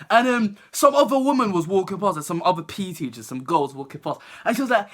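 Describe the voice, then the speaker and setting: A young woman telling a storytime vlog in an animated, laughing way. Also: lowish voice, fast, hardly any pauses. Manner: animated, laughing, acts out other people's voices. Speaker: vlogger.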